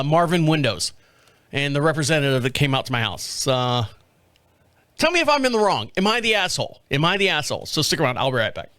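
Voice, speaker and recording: A man's voice: a little high, pushed and bright, clean tone, no echo. A man hosting his own podcast, telling a story in a rambling, profane, chuckling way. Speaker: podcast host. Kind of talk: casual solo monologue.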